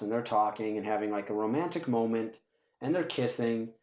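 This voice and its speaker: Animated man retelling a movie, roomy echo. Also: mid-range voice, brisk. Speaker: podcast co-host. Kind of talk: casual movie podcast chat.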